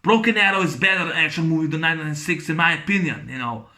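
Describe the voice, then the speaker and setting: Movie reviewer, male, high-pitched and bright; casual rambling recap, many fillers, bursts into sound effects. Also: fast talker. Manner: laughs while recounting scenes.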